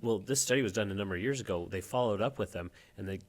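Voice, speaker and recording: A man talking as a podcast guest, thoughtful and halting, trailing off and restarting often. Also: on the low side. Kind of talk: casual conversation.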